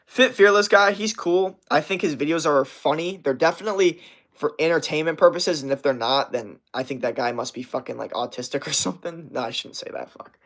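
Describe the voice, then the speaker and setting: A young man with a slightly high voice, hosting a live stream. He rants in a loose, rambling way, swears often and leans on filler words. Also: fairly quick, a bit bright. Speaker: livestream host and health coach. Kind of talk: casual livestream rant.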